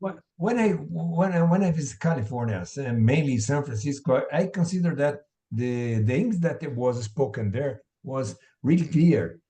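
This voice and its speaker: A man learning English, who speaks haltingly with many restarts and "uh" over a video call mic. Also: a little high, animated, dark tone, distant mic. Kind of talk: casual online group chat.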